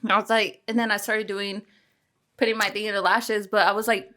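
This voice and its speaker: A woman's voice: mid-range voice, a little fast, bright, forceful tone. A young woman host chatting candidly about her beauty business, swearing freely and using slang. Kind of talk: casual chat.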